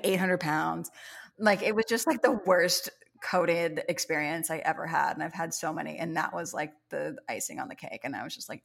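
A woman with a lowish voice and plenty of vocal fry talks on a casual podcast. She tells stories in a chatty, rambling way, leaning on "like" and acting out what people said. Her voice has a gravelly edge throughout. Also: a bit bright. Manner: chatty storyteller, heavy use of "like", acts out quotes. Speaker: guest denim expert.

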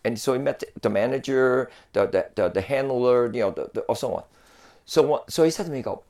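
A man's voice: medium pitch, fairly quick, darkish tone. A man telling a long story in casual chat, rambling with many fillers and restarts.

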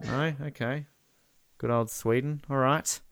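A man co-hosting a podcast, chatting casually over a live match and breaking into excited shouts at big moments. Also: mid-range voice, unhurried, clean tone, no echo, clean studio sound. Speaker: podcast co-host. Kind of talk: casual live-watch commentary.

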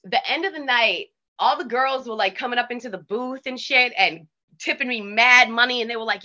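Boston-accented woman, bright and lively. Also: on the high side, normal speed, highs cut off. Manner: animated, swears freely, acts out quotes. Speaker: DJ guest. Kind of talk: casual interview storytelling.

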